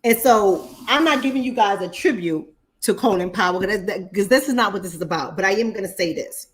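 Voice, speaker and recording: A woman's voice: medium pitch, brisk. A blunt woman hosting a casual livestream, speaking straight to her audience. She swears freely and circles back to repeat her points for emphasis. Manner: blunt, profane, addresses viewers directly. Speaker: online talk show host.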